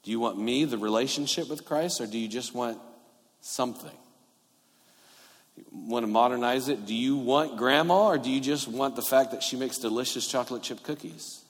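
A middle-aged man preaching a sermon as a pastor, conversational, swinging between loud emphasis and quiet asides. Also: mid-range voice, moderate pace. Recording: long reverb of a large hall.

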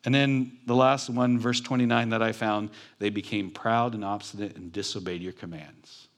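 A man's voice: lowish voice, steady tone, moderate pace, few pauses. A man preaching a sermon in a church, talking in a conversational, joking way with his congregation. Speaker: pastor. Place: church building.

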